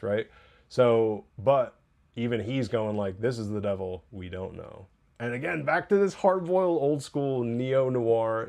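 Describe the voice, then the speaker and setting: A man hosting a podcast, reviewing a TV episode in casual solo talk, chatty and excitable, laughing often and breaking off to restart his points. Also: medium pitch.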